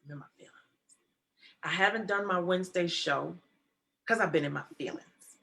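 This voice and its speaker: A woman hosting an interview over a video call, talking with deep emotion and fighting back tears. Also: normal speed, gravelly, fairly bright tone. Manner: tearful, fighting to hold back crying. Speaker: interview host.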